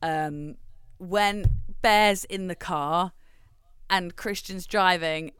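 A woman's voice: on the low side, very slow, fairly bright tone, clean tone, no room sound, studio quality. A young woman from England, co-hosting a podcast, telling stories in casual chat and acting out what people said, laughing often. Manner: chatty storyteller, laughs often, acts out quotes. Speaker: podcast co-host.

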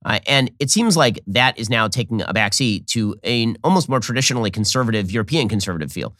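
Fast-talking male interview host. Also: on the low side, animated, a bit bright, dry recording, clean studio sound. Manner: rapid, argumentative, lays out positions. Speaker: podcast host. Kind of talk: interview discussion.

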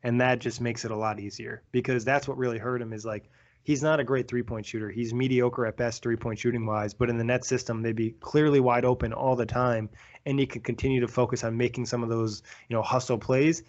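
A man co-hosting a casual basketball podcast, analyzing players quickly with frequent fillers. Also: mid-range voice, fairly even intonation. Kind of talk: casual sports chat. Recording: dull lo-fi sound.

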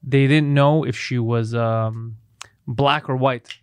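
A man's voice: medium pitch, fairly even intonation, takes it slowly, clean tone, dry recording. A man hosting a casual podcast chat, telling stories with frequent laughter and swearing. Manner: laughing storyteller, swears freely.

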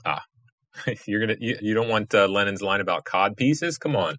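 A man's voice: on the low side, lively intonation, moderate pace, a bit bright, dry recording. A man co-hosting a podcast in casual banter, with a dry, teasing way of talking. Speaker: podcast co-host.

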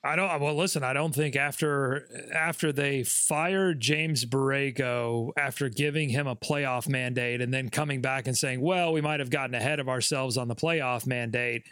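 Bright-voiced man. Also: medium pitch, steady tone, clear, resonant tone, no echo, studio quality. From North Carolina. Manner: measured, skeptical, joking. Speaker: podcast co-host. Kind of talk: casual sports talk.

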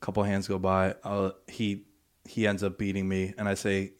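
A man's voice: sits low, monotone, moderate pace. A man co-hosting a casual chat, telling stories in a laid-back, drawling way. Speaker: podcast co-host.

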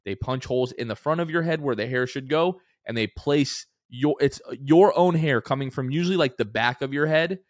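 Animated young man telling stories on a podcast. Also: moderate pace, few pauses, no echo, clean studio sound. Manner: animated storyteller, acts out quotes with big pitch jumps. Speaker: podcast co-host. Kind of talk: casual sports podcast chat.

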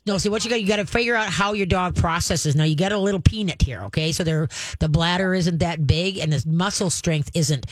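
A woman's voice: on the low side, a little fast, hardly any pauses, no room sound. A woman hosting a call-in radio show, giving dog training advice in a folksy, emphatic way with frequent laughs.

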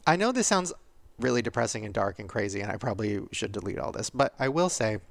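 A man in his thirties talks openly on his podcast, tearful at moments and laughing through the hard parts. His pitch swings widely with a gravelly fry, and the recording is dry and close. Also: very animated, fast, no echo. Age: 30s. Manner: candid and vulnerable, laughing through tears. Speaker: podcast host. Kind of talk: confessional podcast monologue.

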